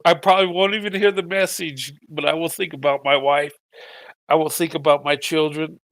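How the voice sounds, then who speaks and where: Middle-aged male vlogger, high-pitched, tearful and faltering, dry recording. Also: fairly even intonation, fairly bright tone, no echo. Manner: halting, repeats words, voice breaking with emotion. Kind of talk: emotional personal monologue.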